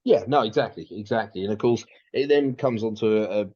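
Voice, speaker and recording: Husky low man, rambling podcast chat. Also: brisk, muffled recording. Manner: rambling, full of restarts and fillers. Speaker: podcast co-host.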